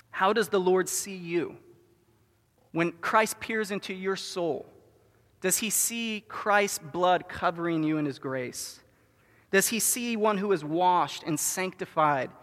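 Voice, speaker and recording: A man preaching a sermon to his church, earnest, stretching stressed words and dropping to a hush for his gravest lines. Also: high voice. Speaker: pastor. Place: church sanctuary. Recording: long hall reverb.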